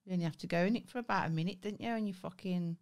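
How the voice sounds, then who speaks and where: A woman's voice: fairly low pitch, racing, a little mellow. A woman with a Brummie Scouse accent co-hosting a podcast, blunt, sweary and teasing in casual chat. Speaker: podcast co-host.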